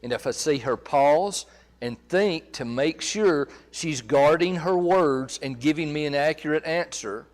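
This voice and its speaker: A man presenting a marriage seminar in a church, talking conversationally and checking in with his audience. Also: medium pitch. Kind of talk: teaching a seminar.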